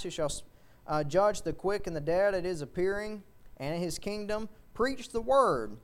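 A male preacher delivering a fervent sermon, building to loud shouts at the peaks. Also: sits high.

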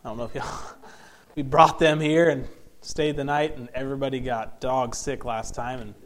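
A man's voice: mid-range voice, steady tone, moderate pace. Folksy preacher man, chuckling often. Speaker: visiting preacher. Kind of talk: sermon with joke telling.

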